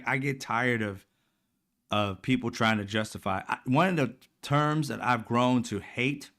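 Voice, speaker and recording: A man hosting a political commentary show, ranting casually in a profane, exasperated, mocking way. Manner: swings from loud and high to low and quiet.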